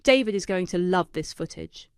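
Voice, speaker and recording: A woman voicing a sly, amused young female friend with a wry, teasing manner, in a smooth, dry voice. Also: on the low side, lively intonation, normal speed, dry recording.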